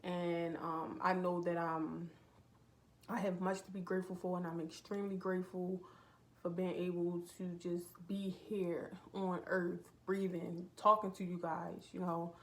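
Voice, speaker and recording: A woman's voice: on the low side, little pitch movement, unhurried. A young woman vlogging in a casual, confessional way, rambling and heartfelt with lots of filler words, talking from indoors at a relative's home. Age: young adult. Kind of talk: casual confessional vlog chat.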